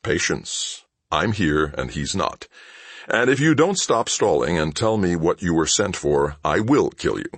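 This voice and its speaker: A man playing a sardonic spacefarer who threatens in an easy, conversational way, in a very deep voice. His lines rise and fall with lively inflection, recorded close and dry. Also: unhurried, breathy edge, dry recording, exaggerated voice. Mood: calm menace. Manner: conversational, dryly mocking threats. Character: cool, menacing male shipmaster, sardonic and unhurried. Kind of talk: audiobook character voice.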